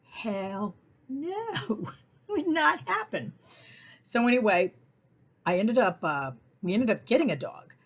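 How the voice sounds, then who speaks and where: A middle-aged woman telling personal stories in a casual, chatty way, often acting out what people said in high voices. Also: slightly rough. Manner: chatty, animated, acts out quotes in high voices. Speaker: weekly message host.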